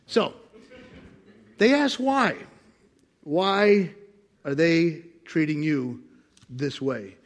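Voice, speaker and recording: Male pastor, sermon, high voice, lively swinging delivery, church. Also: extremely slow, long pauses. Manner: animated, acts out God's voice with laughter.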